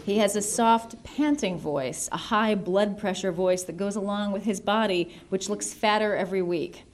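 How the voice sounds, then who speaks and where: A woman narrating a novel in the first person, wry and measured. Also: medium pitch, slight background noise. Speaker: audiobook narrator.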